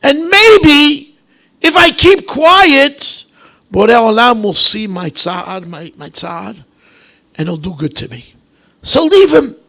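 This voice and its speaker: A man voicing a calm, forbearing biblical king in a sermon, pleading in a measured way. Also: very high-pitched, pitched above the performer's own voice, heavily acted.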